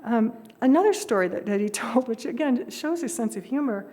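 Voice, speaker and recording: In a worship hall, an older woman serving as a lay speaker tells stories in a chatty way, full of easy humor and frequent laughter. Her voice sits a little high, with lively intonation, a brisk pace and a dark tone, and the recording has an echoey hall reverb.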